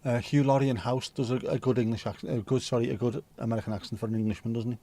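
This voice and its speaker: On a livestream, a male host rambles casually as he reads viewer comments aloud, now and then letting a swear word slip. His medium-pitched voice is steady and mellow, though he talks rapid-fire.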